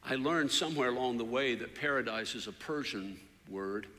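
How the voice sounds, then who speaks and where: A man preaching a sermon as a story, his voice climbing loud for shouted quotes and falling soft for prayers. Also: medium pitch, moderate pace. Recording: long hall reverb.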